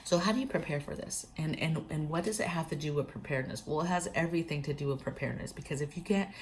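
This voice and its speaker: A woman's voice: low-pitched, fast, slight background noise. A woman telling a story and giving advice to camera in a casual, chatty prepping vlog, often speaking straight to her viewers. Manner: chatty, keeps addressing viewers directly. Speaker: prepping vlogger.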